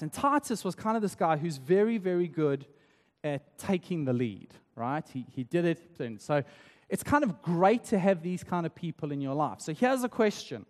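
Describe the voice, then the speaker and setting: Pastor, male, raised in South Africa; high-pitched, conversational sermon delivery, long reverb of a church hall. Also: expressive, moderate pace, a little mellow. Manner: conversational, tag questions like "right?".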